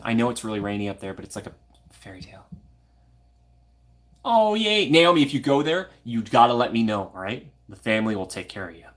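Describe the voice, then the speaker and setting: A young man from Minnesota hosting a casual live stream, chatting and answering viewer comments by name. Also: medium pitch. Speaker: livestream host.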